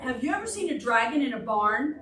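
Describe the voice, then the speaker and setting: A woman children's librarian leading a preschool storytime in a library room, animated and full of questions for the children. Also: on the high side, brisk, recorded from a distance. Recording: echoey room from afar with loud background noise.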